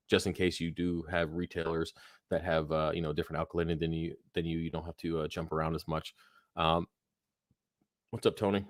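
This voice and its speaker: A man hosts a live aquarium Q&A stream, reading chat questions in a low voice with a fairly bright tone. He's tired, yawning and phlegmy, rambling in a laid-back way with lots of fillers and free swearing. The sound is clean studio audio with no echo.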